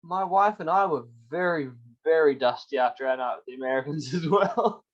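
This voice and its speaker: An Australian man co-hosting a casual chat show, laughing his way through relaxed travel stories. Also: fairly high pitch, a little fast, lo-fi sound. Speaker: podcast co-host.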